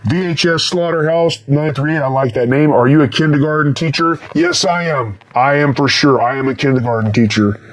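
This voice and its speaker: Man, mild Texas accent, voice changer, fairly high voice, blunt, swearing, rambling Q&A chat. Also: a little fast, hardly any pauses. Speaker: band frontman answering viewer questions. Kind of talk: casual question-and-answer chat.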